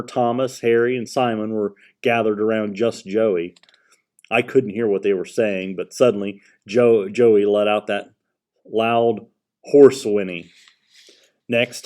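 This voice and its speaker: A man narrating a children's storybook aloud, reading in a gentle, expressive way. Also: on the low side. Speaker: audiobook narrator.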